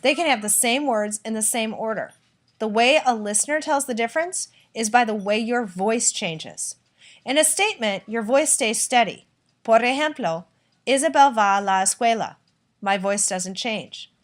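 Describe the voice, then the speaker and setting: A woman teaching a recorded lesson, explaining clearly and patiently and acting out example sentences. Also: a little high, lively intonation, normal speed. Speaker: Spanish teacher.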